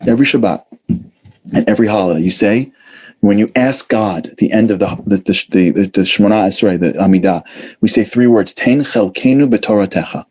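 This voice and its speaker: Middle-aged male speaker, animated talk, dark husky tone, acts out quotes. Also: fairly low pitch, brisk. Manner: animated, acts out voices, casual fillers. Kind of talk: lively motivational talk.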